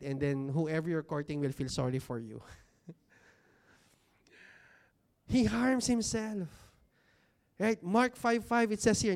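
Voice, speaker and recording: In a church hall before a seated congregation, a man with a somewhat high, darkish voice preaches a sermon. His style is conversational, with rhetorical questions and key words stressed through slow, drawn-out delivery.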